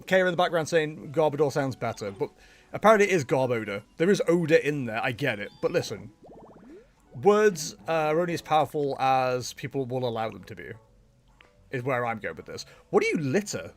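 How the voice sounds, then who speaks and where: A man with a medium-pitched voice talks briskly while streaming a game, with faint music behind him. In this casual livestream chat he's chatty and animated, laughs often, and speaks both to his viewers and to the game's characters.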